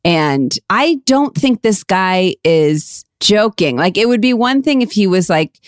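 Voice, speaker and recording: A woman's voice: mid-range voice, lively intonation, measured pace, dry recording, clean studio sound. A British woman co-hosting a podcast in casual chat, laughing often as she reads petitions aloud. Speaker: podcast co-host.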